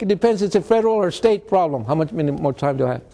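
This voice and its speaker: High, mellow older man. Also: fast talker, gravelly. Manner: animated, mixes in Spanish slang, acts out quotes. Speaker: motivational guest speaker. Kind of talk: storytelling talk to students.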